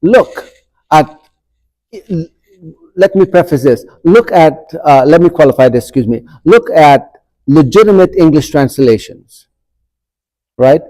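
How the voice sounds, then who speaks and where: High-voiced man leading Bible study. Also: expressive, mellow, low-quality recording. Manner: asks the group questions, reads verses slowly. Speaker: adult forum teacher. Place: church meeting room.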